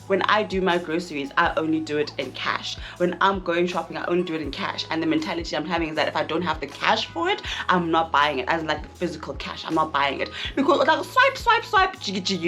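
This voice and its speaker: A woman's voice: low voice, fairly bright tone. A young woman from South Africa with a South African accent, talking frankly to camera in a casual vlog and repeating phrases for emphasis. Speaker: vlogger.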